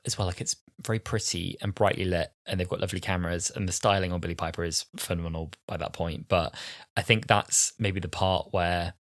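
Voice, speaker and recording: A man's voice: low voice, steady tone, brisk, fairly bright tone, dry recording, clean studio sound. A man in his twenties co-hosting a podcast, chatting casually and rambling with lots of filler words. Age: 20s. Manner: rambling, heavy use of "like" and "you know". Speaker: podcast co-host. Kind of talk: casual chat.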